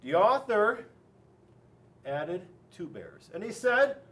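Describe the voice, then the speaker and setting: Man, storybook read-aloud, playful, exaggerated, high voice, slightly distant mic. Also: sing-song, slow, long pauses, a bit bright. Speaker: police officer reading to children.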